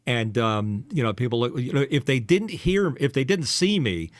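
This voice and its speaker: A man's voice: mid-range voice, animated, normal speed, dry recording. An older man from the eastern United States, a former radio DJ hosting a casual podcast chat. He has a polished radio voice and a teasing, rambling way of talking with lots of fillers.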